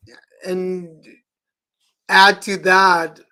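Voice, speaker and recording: A man's voice: sits high, very slow. A man hosting a live stream, chatting casually and telling playful stories. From Texas. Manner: animated, playful storyteller. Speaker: host.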